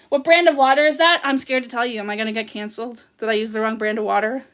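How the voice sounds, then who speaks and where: A Canadian woman in her thirties chats on her livestream with a high, bright voice. She sounds bubbly and gushing, and she keeps thanking her viewers by name in a casual, chatty way. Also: fairly even intonation, fast talker, hardly any pauses. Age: 30s. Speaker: livestream host.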